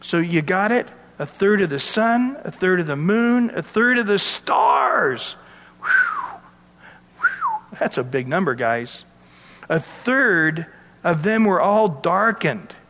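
A man's voice: sits high, expressive, slow pace, fairly bright tone, long reverb tail, slight background noise. A man preaching a sermon, reading verses and explaining them in a conversational way with asides to his listeners. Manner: expository Bible teaching, conversational with asides. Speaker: pastor.

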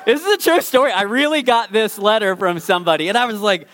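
A man in his forties delivering a sermon with lively, story-driven humor. His voice sits high for a man and swings widely in pitch as he acts out his reactions. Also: normal speed, slight background noise. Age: 40s. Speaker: pastor. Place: church service.

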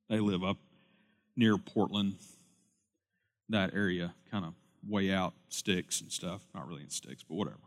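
Man pastor, sermon, loud preaching eases into relaxed anecdotes; reverberant hall. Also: sits low. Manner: swings from loud preaching to quiet storytelling.

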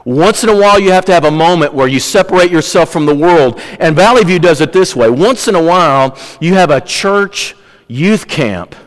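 High-voiced preacher in a reverberant hall. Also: male voice, animated, moderate pace. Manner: earnest storytelling preacher, varies pace, drops low for emphasis. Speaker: pastor. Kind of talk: sermon.

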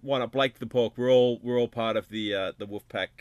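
An Australian man co-hosting a casual sports podcast, speaking haltingly with lots of fillers. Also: medium pitch, fairly even intonation, smooth, no echo. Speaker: podcast co-host.

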